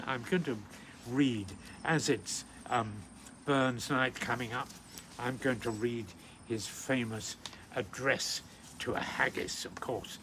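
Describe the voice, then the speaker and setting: A man hosting a daily poetry reflection, reading verse aloud and chatting about it between readings with many ums and pauses. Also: mid-range voice, background noise. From British Isles. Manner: hesitant, many ums and pauses, warm enthusiasm for the poet.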